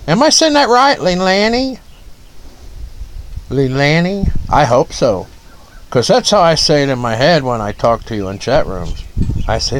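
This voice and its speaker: Man, Ohio-born, slow unhurried livestream host; bouncy, slightly high voice, laughs easily; porch, faint rural background. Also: sing-song, slight background noise, poor audio. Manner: rambling, drawling, chuckles often. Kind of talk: casual live chat greeting viewers. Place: front porch outdoors.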